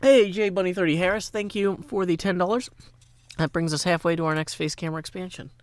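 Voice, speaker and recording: A man's voice: high voice, steady tone, fast. A man from Tennessee chatting casually on a game livestream, rambling and joking as he thanks donors. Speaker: gaming livestreamer. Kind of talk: casual livestream chat while playing.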